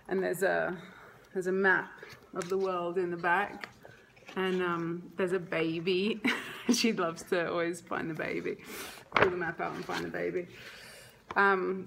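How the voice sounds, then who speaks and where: A woman's voice: on the low side, a bit bright, slight background noise. A woman talking casually as a mother in a home vlog, chatty and rambling with lots of "like" and "um". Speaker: mother vlogger.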